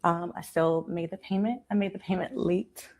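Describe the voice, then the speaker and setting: A woman's voice: lowish voice, fairly even intonation, moderate pace, a little mellow. A woman in a played clip recounting her situation, hesitant and emotional, with many ums. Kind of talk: personal account.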